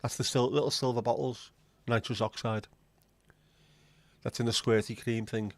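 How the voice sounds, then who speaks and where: A man's voice: medium pitch, steady tone, moderate pace, a little mellow, no room sound. Joking man, dry sound. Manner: rambling, joking banter addressed to viewers. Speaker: livestream host. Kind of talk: casual livestream chat.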